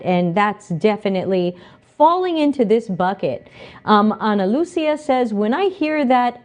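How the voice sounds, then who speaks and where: A woman hosting a livestream, reading viewer comments aloud and answering them with animated emphasis. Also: mid-range voice, moderate pace. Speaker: livestream host reading chat.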